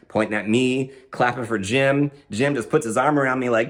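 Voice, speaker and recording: A man telling a personal story in a lively, conversational way with frequent asides. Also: medium pitch, moderate pace, few pauses.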